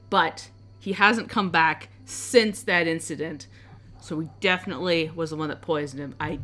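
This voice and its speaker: A woman playing a wry, unimpressed investigator who reports findings in a flat, matter-of-fact way. The voice rings bright and forceful. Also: fairly low pitch.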